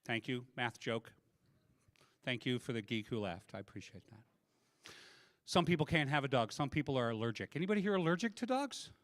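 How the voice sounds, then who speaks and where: A man performing a stand-up comedy set at a convention, chatting with the crowd and landing deadpan punchlines into a handheld mic. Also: mid-range voice, normal speed, long pauses, no room sound, studio quality.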